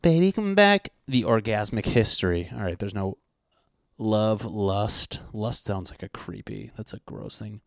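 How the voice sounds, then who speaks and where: A man's voice: fairly low pitch, level tone, measured pace, vocal fry, no echo, clean studio sound. A man hosting a solo podcast from his apartment, rambling casually with heavy swearing and crude jokes. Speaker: podcast host.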